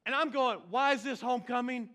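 High, bright-voiced energetic pastor. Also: male voice, brisk. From Oklahoma. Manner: energetic, exclamatory preaching with playful asides. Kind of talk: sermon.

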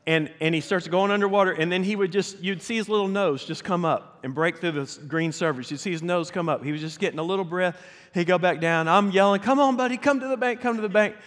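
Guy preaching, fairly high voice, telling stories and asking the crowd stuff, big church reverb. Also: a little fast. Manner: animated, addresses the congregation directly. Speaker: pastor. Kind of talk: storytelling sermon. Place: church sanctuary. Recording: long reverb of a church hall.

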